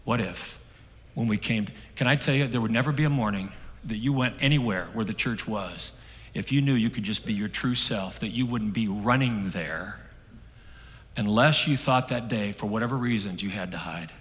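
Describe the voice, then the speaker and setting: A middle-aged man preaching a sermon, telling a story that swings from hushed and soft to loud. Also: fairly low pitch, normal speed. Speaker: pastor. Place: church hall. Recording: long hall reverb.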